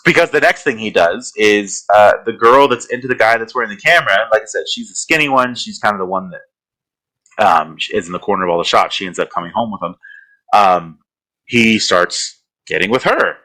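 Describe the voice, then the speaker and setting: A man's voice: on the low side, expressive, normal speed, sharp tone, rough recording. A man co-hosting a horror podcast, retelling a film plot in a rambling, casual way full of fillers. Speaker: podcast co-host.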